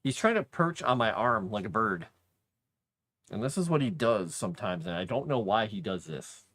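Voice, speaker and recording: A man's voice: lowish voice, animated, moderate pace, a bit bright, dry recording. A man casually chatting while building a fantasy map, muttering to himself and cooing at his cat. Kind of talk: casual livestream chat while working.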